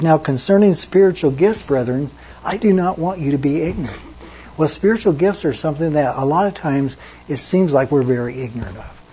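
A man preaching an evening sermon in a mellow, slightly husky voice. He talks earnestly and drops soft and low whenever he repeats a name from scripture. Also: poor audio. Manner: earnest, repeats names softly for emphasis. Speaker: pastor.

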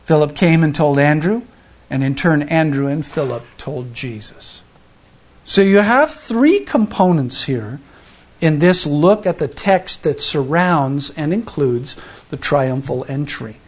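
A man's voice: a little high, animated, unhurried. A man preaching a sermon in a conversational, storytelling way, often restarting his sentences. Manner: conversational, acts out the people in the story; frequent restarts and fillers. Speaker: pastor.

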